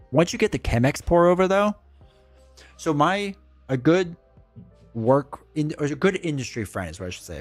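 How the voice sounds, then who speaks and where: A man's voice: mid-range voice, dry recording. Chatty male streamer, dry close sound. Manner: chatty, reads and answers chat, rambling asides. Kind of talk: casual live-stream chat.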